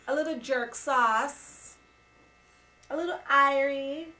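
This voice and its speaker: A woman's voice: high-pitched, slow, sharp tone, exaggerated voice, low-quality recording. A woman co-host putting on a playful Jamaican accent as a teasing show host, sing-song and jokey. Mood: playful hamming. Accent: put-on Jamaican.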